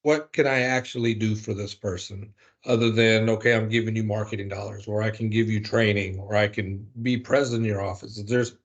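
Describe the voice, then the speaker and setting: A man's voice: lowish voice, steady tone, a little fast, lo-fi sound. A man on a sales team video call, asking questions and thinking aloud. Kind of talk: casual group video call.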